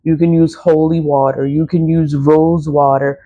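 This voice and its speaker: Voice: mid-range voice, flat delivery, a little slow, warm tone, highs cut off. Blunt, preachy speaker in their forties. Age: 40s. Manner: blunt, repetitive, preachy, swears freely. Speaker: spiritual practitioner selling cleansing products. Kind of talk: casual spiritual monologue.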